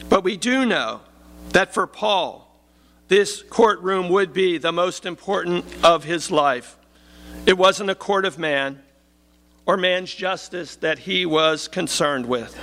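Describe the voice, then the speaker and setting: A man preaching a sermon in a measured, emphatic way, slowing down to stress key phrases. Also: sits high, pushed and bright.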